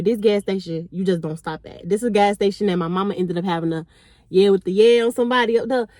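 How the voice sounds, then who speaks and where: A woman in her twenties tells a storytime to her viewers, slangy and animated. Her voice sits fairly high, and the sound is dry and close with little room. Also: dry recording. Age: 20s. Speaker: vlogger. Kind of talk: storytime vlog.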